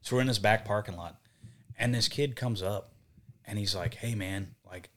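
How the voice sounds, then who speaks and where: Profane, animated young man telling a story. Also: on the low side, moderate pace. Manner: profane, animated, acts out quotes. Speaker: podcast guest, band vocalist. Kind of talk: casual storytelling.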